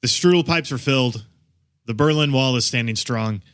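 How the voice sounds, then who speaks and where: A male podcast host narrates a grim true-crime story with wry jokes tossed in. His voice sits at an ordinary middle pitch. The recording is close and dry. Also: normal speed, a bit bright, smooth, dry recording. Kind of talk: casual chat, telling a true-crime story.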